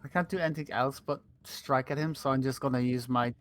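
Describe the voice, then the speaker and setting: A player works through a turn in a tabletop game, hesitant and thinking out loud. The voice sits in a middle pitch. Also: fairly even intonation, a little fast, faint music behind. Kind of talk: casual tabletop play.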